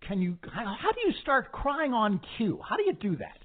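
Enthusiastic male talk-radio host, teasing, very lively pitch, thin phone-like audio. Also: moderate pace. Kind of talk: interviewing a guest. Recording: tinny phone-like line.

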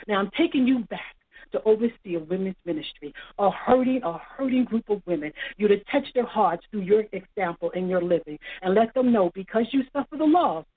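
A woman's voice: mid-range voice, animated, a little fast, dry recording. A middle-aged woman giving an emotional personal testimony in a preacherly way, repeating phrases for emphasis. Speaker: author guest. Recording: tinny phone-line sound.

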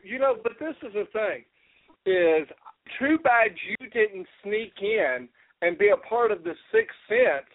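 A male host with a high voice leads a casual chat and fires off questions. The sound comes through a thin phone line, dry and close. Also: sing-song, unhurried, no room sound.

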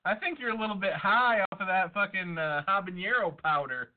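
A man's voice: high-pitched, a little fast. Profane joking man on a tinny line. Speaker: podcast host. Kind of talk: crude casual banter. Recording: tinny phone-like audio.

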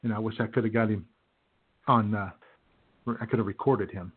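A male show host tells an anecdote in casual chat, his husky voice on the low side with fairly even intonation and a moderate pace. He laughs his way through the story, chuckling between lines and restarting, all on phone-quality audio.

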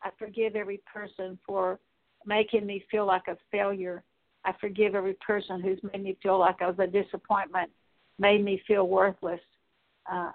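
A woman Bible teacher leading a slow, halting spoken prayer with many pauses and fillers. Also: medium pitch. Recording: tinny phone-like audio.

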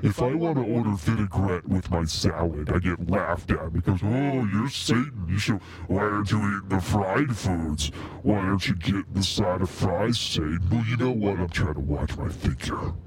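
A man's voice: sits low, animated, normal speed, few pauses, a crowd in the background, voice pushed down. A man using a voice modulator to play a whiny, insecure male Satan who complains about having feelings in a comic podcast bit. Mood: self-pitying. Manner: complaining, self-pitying.

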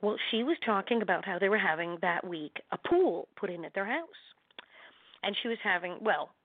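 A middle-aged actress, a woman, chatting as an interview guest and telling animated anecdotes, acting out quotes and laughing often. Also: mid-range voice, normal speed, no room sound. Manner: animated, laughing storyteller who acts out quotes. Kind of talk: casual storytelling chat. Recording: tinny phone-line sound.

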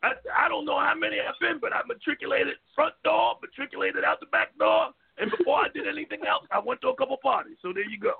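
Brash, high-voiced older man on a phone line. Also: quick pace, vocal fry, few pauses. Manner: brash, boastful tall-tale storytelling with profanity. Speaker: co-host. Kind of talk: boisterous casual chat. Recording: phone-like call audio.

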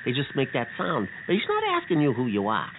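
A man playing an earnest tween boy bean in a children's radio play, who talks in an excitable, stammering way. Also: mid-range voice, quick pace. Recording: tinny lo-fi radio with hiss.

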